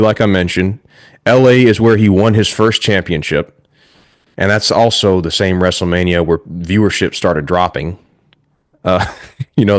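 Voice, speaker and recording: A man with a lowish voice hosts a podcast. He talks in a loose, sarcastic way and laughs a lot. The chat is casual and unscripted. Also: no echo, clean studio sound. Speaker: podcast host. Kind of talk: casual wrestling review chat.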